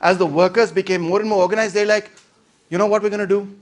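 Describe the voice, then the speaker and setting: A man talks through history in a loose, lecturing way, dry and sarcastic. His voice sits high and the words come quickly, mixing English with Hindi-Urdu. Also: steady tone. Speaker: lecturer on a book. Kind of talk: casual talk lecture.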